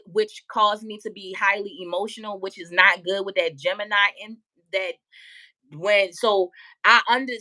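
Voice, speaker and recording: A woman tarot reader chatting casually on a live stream, loud and profane, often laughing and talking back to her chat. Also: mid-range voice.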